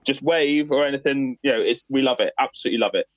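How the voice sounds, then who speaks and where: A man from England co-hosting a podcast, jumping in excitedly with his own side of a story. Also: mid-range voice, no echo. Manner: excitable, quick to jump in and laugh. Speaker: podcast co-host. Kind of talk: casual podcast chat.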